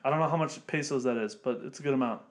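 A man's voice: mid-range voice, rapid-fire. A young man co-hosting a casual podcast chat, swearing a lot and ranting with heat. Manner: profane, heated and ranting. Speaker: podcast host.

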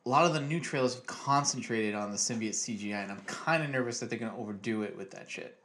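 A man's voice: medium pitch, fast, fairly bright tone, slight background noise. A young man co-hosting a podcast in casual chat, laid-back, hesitating and trailing off. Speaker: podcast co-host.

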